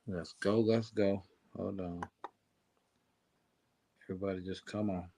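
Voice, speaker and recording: Hype-building male podcast host, low voice. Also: steady tone, a little slow, gravelly, dark tone, a little hiss or hum. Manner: hyped, repeats calls to the audience to come on in. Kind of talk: casual chat.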